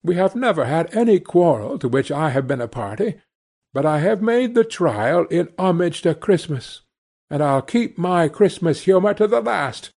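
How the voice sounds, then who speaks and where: A man's voice: a little high, very animated, moderate pace, creaky, darkish tone, pitched above the performer's own voice, heavily acted. A man voicing an earnest, impassioned young nephew. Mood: pleading. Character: cheerful warm-hearted young man, Scrooge's nephew.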